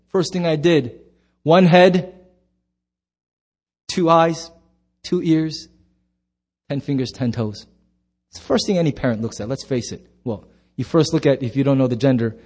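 A middle-aged man preaching a sermon as pastor, emphatic, swinging from loud bursts to hushed low lines.

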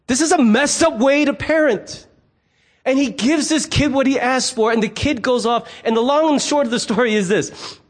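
A man's voice: very high-pitched, moderate pace. A middle-aged man, a pastor, preaching a sermon in a conversational, humorous way and acting out the voices in his stories. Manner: animated storyteller who acts out quoted voices.

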